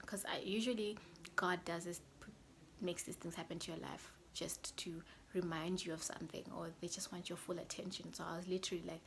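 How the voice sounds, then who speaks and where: A young woman vlogger telling a personal story in a chatty way, often dropping to a soft whisper. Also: on the low side, fairly even intonation, brisk, vocal fry, a little hiss or hum. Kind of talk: casual storytelling to camera.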